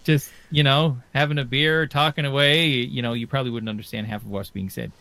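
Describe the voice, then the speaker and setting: A man's voice: medium pitch, fairly even intonation, a little fast, sharp tone, dry recording. Rambling man on a podcast. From Newfoundland and Labrador, Canada. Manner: rambling, friendly, lots of "you know". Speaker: podcast co-host. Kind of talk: casual chat.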